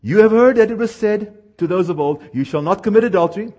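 A man's voice: high voice, brisk, lo-fi sound. A man preaching a sermon to a live audience, quizzing them with questions as he goes. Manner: animated, asks the audience questions.

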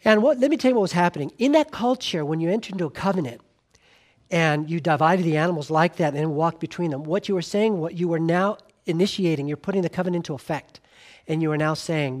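A man with a high voice and fast delivery preaches a sermon earnestly, climbing to emphatic lines and sinking into quiet, soft appeals, often restarting his sentences.

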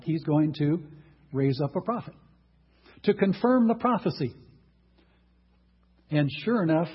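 Husky preacher man, lo-fi. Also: fairly high pitch. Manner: emphatic, rhetorical questions to the audience. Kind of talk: sermon.

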